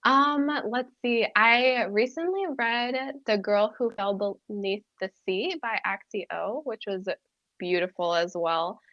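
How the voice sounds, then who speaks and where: A woman's voice: medium pitch, a little slow, fairly bright tone, no room sound. Woman guest on slightly dull audio. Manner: thoughtful, many "um"s, laughs lightly. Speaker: guest, editor and book blogger. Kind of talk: casual chat.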